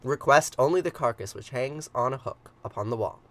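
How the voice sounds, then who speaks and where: A man hosting a morning livestream, reading an old myth aloud and chatting with viewers, hesitant with many ums and quick to chuckle. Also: medium pitch, a bit bright. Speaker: livestream ritual host. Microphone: livestream computer mic.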